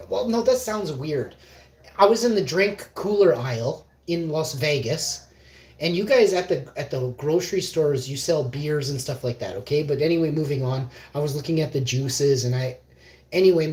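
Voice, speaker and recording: Slightly high and a little mellow, this man's voice wanders through a meandering livestream monologue of stories, with curses and sentences left unfinished. The sound has a roomy echo.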